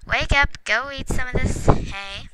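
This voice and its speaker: Sitting high in pitch, this woman's voice moves at a measured pace as she chats with game characters during casual commentary at home, chuckling often. She's a let's play gamer, recorded with noticeable background noise and clicks.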